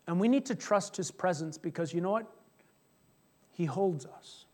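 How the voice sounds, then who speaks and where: A man's voice: high-pitched, moderate pace, warm tone. A middle-aged man preaching a sermon as pastor, telling a personal story in a chatty, joking way. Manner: chatty storytelling, jokes with congregation.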